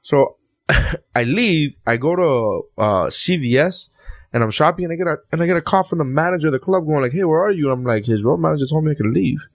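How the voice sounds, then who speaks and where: A man and stand-up comic telling a story in casual chat, quoting people in animated voices and swearing freely. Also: a little high, brisk, gravelly. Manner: animated anecdote-telling with quoted voices, profane.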